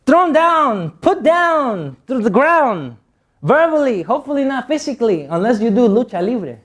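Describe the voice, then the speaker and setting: A young man giving a motivational talk to youth. He speaks with a non-native accent, repeats phrases for emphasis and jokes with the audience. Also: extremely high pitch.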